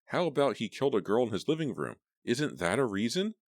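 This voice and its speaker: A man voicing a frightened, insistent teenage girl in a storybook reading, with shrill, pleading lines. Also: lively intonation, moderate pace, no echo, studio quality. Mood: tense, fearful.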